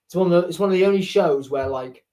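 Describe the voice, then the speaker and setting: A man's voice: high voice, fast, warm tone. A young man, co-hosting a podcast in casual chat and rambling enthusiastically with lots of "like". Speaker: podcast co-host.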